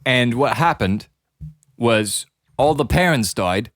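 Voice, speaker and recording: A man trading improvised comedy bits and playing a backward commoner with a straight face. His pitch moves around a lot as he talks. The sound is close and dry, with no room echo. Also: lively intonation, takes it slowly, fairly bright tone. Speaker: podcast co-host.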